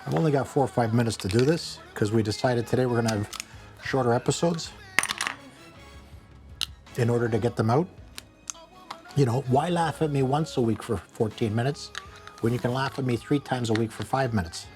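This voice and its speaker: A middle-pitched man chatting through a home cooking vlog, wandering from thought to thought and poking fun at himself. Now and then he bursts out in excited exclamations, and soft music plays faintly behind him. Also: moderate pace, pauses often. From Canada. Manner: rambling, self-mocking, excitable bursts. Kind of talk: casual cooking vlog chat.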